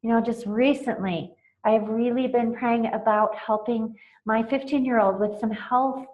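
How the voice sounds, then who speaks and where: A woman's voice: a little high, fairly even intonation, measured pace. A woman in her forties, a parenting mentor, giving earnest, emotional tips on connecting with children, often laughing and restarting her sentences. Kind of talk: informal talk on parenting tips. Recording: muffled lo-fi recording.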